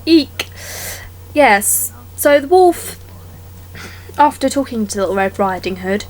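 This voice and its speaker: Young woman, sarcastic sweary storyteller, higher pitch, slow deliberate pace. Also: animated, a little mellow, a little hiss or hum. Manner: exasperated, sweary, mocking. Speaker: vlogger.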